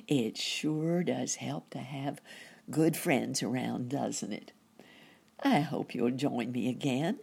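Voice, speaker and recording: A woman storyteller reading a children's story aloud in a gentle, expressive way. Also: rumbling low, takes it slowly, vocal fry, husky.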